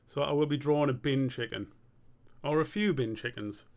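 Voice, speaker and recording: A man's voice: mid-range voice, moderate pace, gravelly. A young man streaming live as an animator, chatting casually and thinking aloud in a rambling, sweary way.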